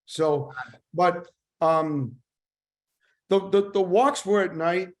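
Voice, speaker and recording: An older man, a sales trainer, telling casual stories in a rambling, animated way. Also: sits high, takes it slowly. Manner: animated, rambling anecdotes with voice impressions. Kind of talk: casual storytelling.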